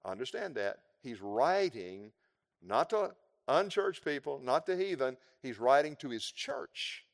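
A man preaching a sermon, explaining scripture verse by verse with emphatic, drawn-out phrases. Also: mid-range voice, sing-song, vocal fry, in a large hall.

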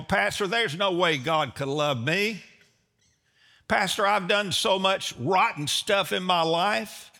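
A male pastor preaching a sermon. He speaks slowly and with emphasis, and repeats his key lines. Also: fairly high pitch, sharp tone, in a large hall. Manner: slow, emphatic preaching with deliberate repetition.

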